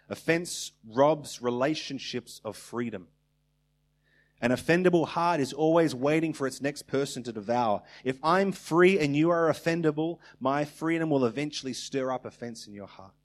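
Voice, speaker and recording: A man preaching a sermon in a conversational way, now and then acting out little everyday exchanges. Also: mid-range voice.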